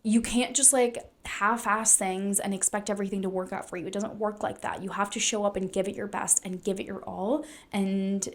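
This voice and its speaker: A young woman, a wellness coach, giving earnest, chatty motivational advice to camera, full of "like" fillers and now and then dropping to a soft whisper. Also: mid-range voice, fairly even intonation, normal speed, few pauses. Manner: sometimes drops into a soft whisper. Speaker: naturopathic doctor and wellness coach. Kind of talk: casual motivational talk to camera.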